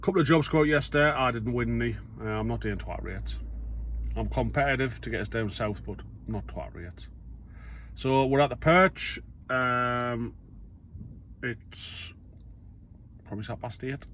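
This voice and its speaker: A middle-aged man chats to camera from his parked van. He is blunt and rambling, and he swears casually as he goes through his working day. Faint vehicle noise runs behind his steady, mid-pitched voice. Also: measured pace, pauses often. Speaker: self-employed van courier. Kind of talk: casual vlog monologue.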